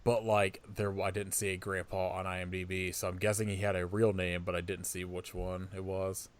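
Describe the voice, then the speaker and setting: A man's voice: low voice, level tone, moderate pace. Blunt, sarcastic man podcast co-host. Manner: blunt, sarcastic, swears freely. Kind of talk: casual movie chat.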